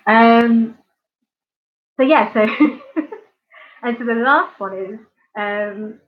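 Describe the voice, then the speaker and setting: Speaking extremely slowly in a somewhat high voice, this woman hosts an art channel from near London, England. With her southern English accent, she rambles casually to live stream viewers with lots of ums and giggles, and the recording is muffled.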